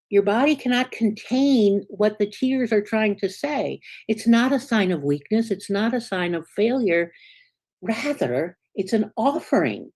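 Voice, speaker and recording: Preaching a sermon, this earnest American woman minister keeps things conversational and keeps asking the congregation "right?" She alternates between soft, low asides and sudden bright, emphatic peaks.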